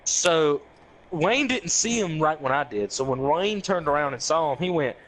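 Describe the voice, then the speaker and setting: A young man with a drawl spins a rowdy, profane tale for his friends, laughing through it and putting on little voices for the people in the story. His voice sits a bit on the high side, with a faint hum of noise behind it. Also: normal speed. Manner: profane, laughing, animated retelling with quoted voices. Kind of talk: casual storytelling chat.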